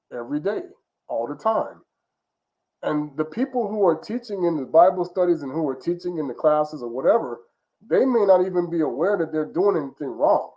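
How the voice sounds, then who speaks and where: A man's voice: a little high, a little mellow. Man preaching emphatically in a dull recording. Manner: emphatic, repetitive, conversational, often restarts phrases. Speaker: religious teacher. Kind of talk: informal preaching monologue.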